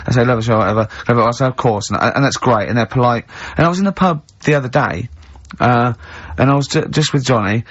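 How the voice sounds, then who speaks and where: A man with an English accent hosting a radio show, telling anecdotes in lively casual banter and laughing a lot. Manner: lively storyteller, laughs often, high-pitched giggle. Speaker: radio host. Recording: dull lo-fi radio broadcast.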